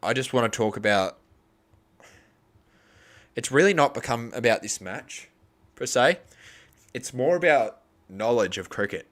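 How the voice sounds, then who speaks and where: Young Australian bloke, low voice, rambling live-stream host who bickers with chat. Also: male voice, a bit bright. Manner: rambling, argues with chat, crude. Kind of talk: live cricket reaction stream.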